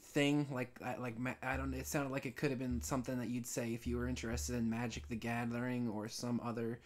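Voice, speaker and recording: A man live streaming while he animates, telling a casual story with many restarts and frequent throat clearing. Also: medium pitch. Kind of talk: rambling casual anecdote.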